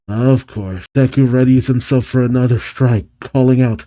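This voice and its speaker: A man's voice: mid-range voice, fairly even intonation, normal speed, dark tone. A man reading a manga chapter aloud as a reaction host, narrating panels with brief reactions.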